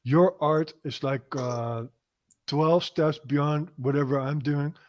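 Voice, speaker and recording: A man's voice: a little high, steady tone, takes it slowly, highs cut off. A man hosting a casual, profane chat, often cutting in with enthusiasm. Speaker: podcast host.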